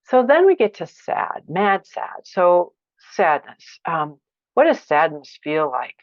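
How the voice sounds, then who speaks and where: A woman giving a workshop lecture, expressive, acting out feelings with sighs and exclamations. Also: fairly low pitch, takes it slowly, no echo, lo-fi sound. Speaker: teacher of a conflict practice.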